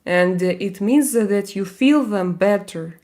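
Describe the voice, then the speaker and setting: A woman with a Russian accent, hosting a casual live stream and answering viewer comments. She talks haltingly, with many fillers and frequent laughs. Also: medium pitch, a little mellow.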